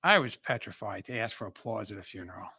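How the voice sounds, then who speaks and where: A man who is a podcast guest and motivational speaker, telling personal stories in an energetic, emotional way with frequent restarts. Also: on the low side, quick pace, breathy edge, dry recording, studio quality. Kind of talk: casual chat, personal storytelling.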